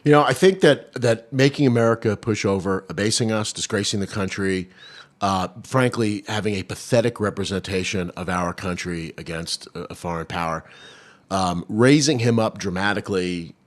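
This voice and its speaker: A man's voice: lowish voice, moderate pace. A man co-hosting a political talk show, giving opinionated, wry commentary with many restarts. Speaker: co-host of a political radio show.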